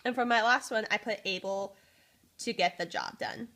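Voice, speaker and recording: A young woman speaks to camera with a bright, clear voice and an upbeat manner. Her pitch sits in an ordinary middle range. She is earnest and a bit rambly, dropping "um" and "like" as she explains herself. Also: normal speed. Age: young adult. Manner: earnest and upbeat, with frequent fillers. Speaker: student applying to be a resident assistant. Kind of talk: casual talk to camera in an application video.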